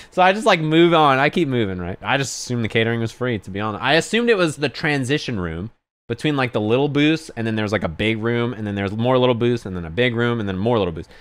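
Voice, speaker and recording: A man telling a lively anecdote on his stream in casual chat, sometimes acting out other people yelling. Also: fast talker, clear, resonant tone, no echo. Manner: animated anecdote, acts out others yelling in high pitch.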